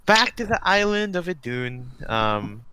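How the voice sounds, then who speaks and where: Bright-voiced man running a tabletop game. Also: fairly high pitch, very animated, measured pace, slight background noise, poor audio. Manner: rambling, self-correcting descriptions. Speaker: game master.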